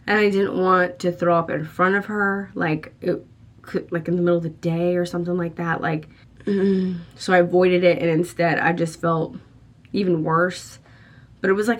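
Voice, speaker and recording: A woman in her thirties chatting casually in a pregnancy vlog, animated and laughing often. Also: on the low side. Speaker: vlogger.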